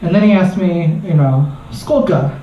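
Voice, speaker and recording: A man, a researcher doing stand-up, telling a comic story on stage in an animated way and laughing at his own lines. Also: fairly high pitch, normal speed, a little hiss or hum. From United States. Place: live comedy venue. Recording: distant, roomy, muffled live recording.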